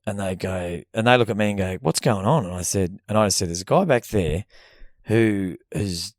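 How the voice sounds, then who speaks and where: A young Australian man in casual podcast chat, telling a rambling story with lots of swearing and acted-out bits. His voice sits a little low and is recorded close and dry, with no room sound. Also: moderate pace, dry recording. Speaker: podcast co-host.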